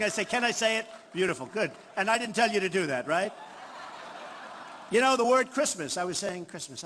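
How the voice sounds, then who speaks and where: A man's voice: high-pitched, background noise. Boastful man speaking at a rally. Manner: boastful, repetitive, off-the-cuff. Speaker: candidate at a rally. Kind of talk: campaign rally speech. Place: large hall before a crowd. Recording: reverberant hall, faint ambience.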